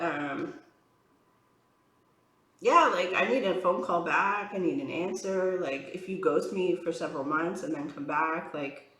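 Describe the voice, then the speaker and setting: A woman's voice: lowish voice, fairly bright tone, reverberant, poor audio. A woman tarot reader chatting casually on a vlog, rambling with lots of fillers, frank and exasperated as she talks. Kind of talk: casual chatty vlog while doing makeup.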